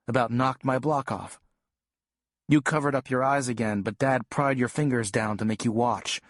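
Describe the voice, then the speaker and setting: A man reading a first-person audiobook in a calm, even storytelling voice on a studio mic. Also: mid-range voice, no room sound. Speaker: audiobook narrator.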